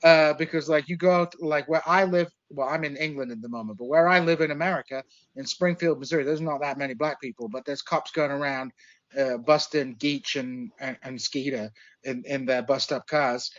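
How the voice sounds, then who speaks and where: A man's voice: a little high, steady tone, a little fast, fairly bright tone, no echo, dull audio. A man of Kurdish origin co-hosting a podcast, making long heated political points with fillers and swearing. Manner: digressive, heated, swears freely. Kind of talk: casual political discussion.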